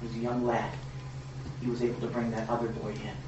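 A man's voice: medium pitch, monotone, fast, lo-fi sound, background noise. A man preaching a sermon in a conversational, rambling way, often checking in with his listeners. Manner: conversational, rambling with restarts and rhetorical "right?". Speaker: pastor. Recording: echoey room, mic far off.

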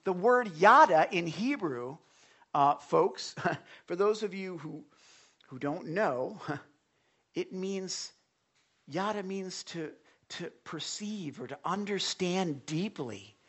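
A man preaching a sermon as pastor, moving between loud emphasis and hushed near-whispers, asking the congregation questions and often repeating words. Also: high voice, animated, takes it slowly, long pauses, breathy edge.

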